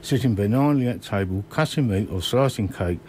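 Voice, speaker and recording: A man in his sixties from Kent, reading his own memoir slowly and measuredly in a radio studio. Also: on the low side, animated, a little mellow, a little hiss or hum.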